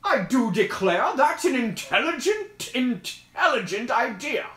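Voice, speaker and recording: A man voicing a genteel, easily impressed gentleman with a slow, drawn-out, mannered way of speaking. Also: very high-pitched, sing-song, reverberant, pitched above the performer's own voice, full character voice. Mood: pompous.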